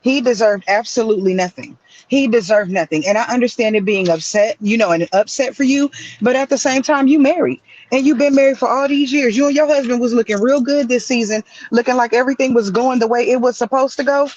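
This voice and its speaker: A woman's voice: fairly high pitch, quick pace, a little mellow, highs cut off. A woman joining a live stream from her car in a drive-through line, giving blunt, profane opinions. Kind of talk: casual opinionated chat.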